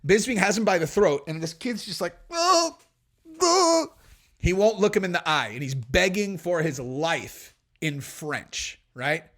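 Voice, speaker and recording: A man hosting a podcast, telling stories and commenting in a brash, animated, profane way. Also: on the high side, normal speed, hardly any pauses. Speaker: podcast host.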